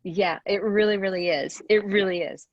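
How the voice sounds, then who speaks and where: A woman's voice: mid-range voice, normal speed, highs cut off. Chatty woman teaching a Bible study. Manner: chatty, animated, asks questions, says okay often. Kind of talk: casual teaching over video call. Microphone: video call.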